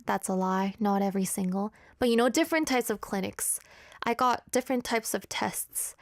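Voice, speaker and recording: A woman's voice: mid-range voice, a little mellow, dry recording. A woman hosting a radio show, chatting on air in a candid, self-mocking way into a studio microphone. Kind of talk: casual on-air chat.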